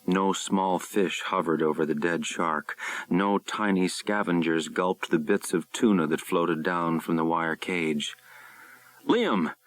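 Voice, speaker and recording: Deep-voiced male audiobook narrator. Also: fairly even intonation, measured pace, fairly bright tone. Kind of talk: scripted narration.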